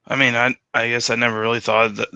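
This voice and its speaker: A laid-back guest who hesitates and laughs through a casual chat. His voice is very bright and forceful. The sound is dry and close, with no room around it. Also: mid-range voice, flat delivery, quick pace, clear, resonant tone, no echo, dull audio. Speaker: podcast guest.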